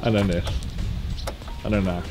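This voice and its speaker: A man vlogging in a casual, excitable way, swearing freely, recorded on a phone. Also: low-pitched, normal speed, music in the background. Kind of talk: casual vlog chat.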